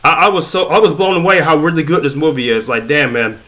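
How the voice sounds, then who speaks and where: Young guy vlogging movie news, kinda high voice, hyped and rambly, says man and dude a lot. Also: fast talker. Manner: excitable, rambling, slangy, stumbles over words. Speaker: YouTube news host. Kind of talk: casual news commentary vlog.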